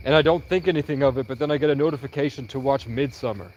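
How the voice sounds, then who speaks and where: Dull audio with a little hiss or hum carries a medium-pitched young man's voice. He's on a livestream recounting a drawn-out personal story, animatedly playing out the dialogue and rattling off others' quotes.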